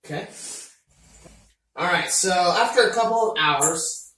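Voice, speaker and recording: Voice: mid-range voice, measured pace, fairly bright tone. Game master, rambling casual narration, very echoey room, mic far off. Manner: loose, rambling descriptions full of fillers.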